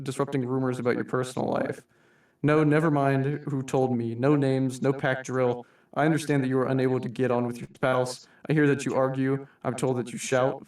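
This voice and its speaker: A man's voice: medium pitch, a little mellow, lightly acted. A man voicing a theatrical masked anarchist who reads a formal, mock-polite monologue addressing humanity as his staff, recorded in a roomy room from a distant mic.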